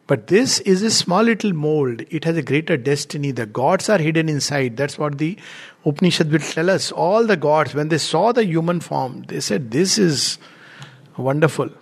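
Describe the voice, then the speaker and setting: A middle-aged man lectures on spiritual texts. His voice sits a little high and carries a gravelly edge. He talks in an animated way, laughs often and acts out the people in his stories. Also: moderate pace. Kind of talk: lecture with storytelling.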